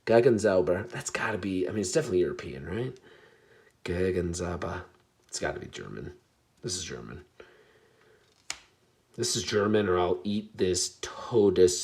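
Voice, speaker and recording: A man casually chatting to his viewers while opening trading card packs, chatty and self-deprecating, with bursts of excitement. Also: low-pitched, normal speed, gravelly, long pauses. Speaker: card pack opening vlogger. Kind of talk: casual pack-opening commentary.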